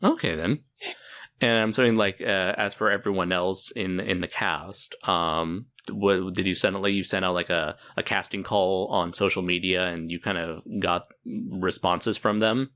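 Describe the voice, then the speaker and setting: A man hosting a podcast, asking relaxed questions and murmuring along as his guest talks. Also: deep voice, normal speed. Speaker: podcast host. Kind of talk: casual interview.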